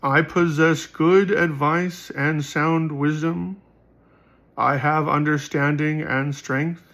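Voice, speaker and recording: A slow, declaiming fantasy voice of Wisdom, raised and proclaiming, as a man puts it on. The tone is raspy, with a gravelly edge that rides under every line. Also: on the high side, steady tone, fairly bright tone. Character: Wisdom personified, grand proclaiming fantasy narrator.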